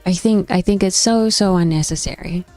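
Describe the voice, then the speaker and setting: Her voice is dark and fairly low, her pace moderate: a young woman streaming games and chatting casually with viewers as she reacts to chat. She thinks aloud, shares opinions, and restarts often over faint stream background music.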